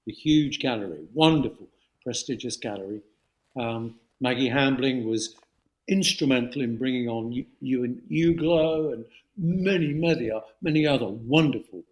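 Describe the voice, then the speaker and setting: A man in his seventies from London's East End with a London accent, a guest telling lively anecdotes and slipping into voices. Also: mid-range voice. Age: 70s. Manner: animated storyteller, slips into voices. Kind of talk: casual anecdote.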